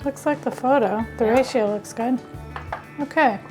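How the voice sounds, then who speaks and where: Over music, a woman with a fairly high voice talks fairly quickly while cooking at home for her relaxed vlog. Her manner is chatty and keen, and she narrates her thoughts as she works.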